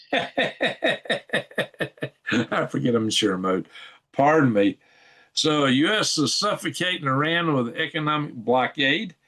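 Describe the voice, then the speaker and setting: Man, middle pitch, casual news commentary, rambling, chuckles, thinks aloud, at home computer. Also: a bit bright. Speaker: channel host reading news articles.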